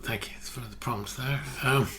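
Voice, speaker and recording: An older man, a photographer telling stories in a relaxed interview, often restarting his sentences. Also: mid-range voice, a little slow. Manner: anecdotal, self-correcting, many restarts. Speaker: guest photographer. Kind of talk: casual interview chat.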